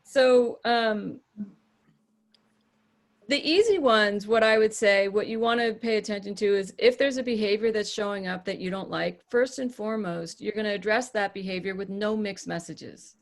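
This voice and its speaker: A woman's voice: medium pitch, moderate pace. A woman hosting a podcast as a relationship coach, talking to a small group in a direct, matter-of-fact way and acting out examples.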